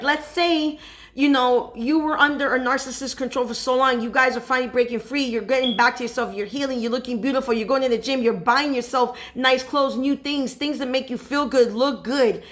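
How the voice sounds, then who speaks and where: Woman spiritual advisor, casual preaching tone, fairly high voice, keeps asking "okay?". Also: fairly bright tone. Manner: checks in with listeners with repeated "okay?".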